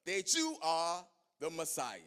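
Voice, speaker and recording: A male pastor voicing the disciple Peter in a sermon, blunt and excitable in casual vernacular. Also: fairly high pitch, takes it slowly, heavily acted. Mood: excited.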